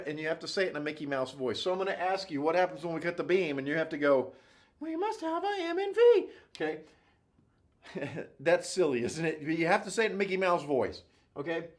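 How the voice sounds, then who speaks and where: A male engineering instructor with a voice on the high side lectures at a whiteboard in a classroom style. He's playful and jokey, constantly checking in with "okay?" and "right?"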